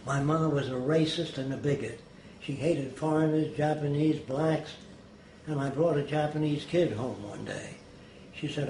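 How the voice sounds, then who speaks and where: An elderly man recounts stories with emphasis, slipping into the voices of those he quotes. His pitch sits in the middle range. The room around him is echoey, with a faint background hiss. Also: fairly even intonation, moderate pace, darkish tone. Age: older. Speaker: interviewee. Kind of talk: anecdotal storytelling. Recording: roomy echo, faint noise.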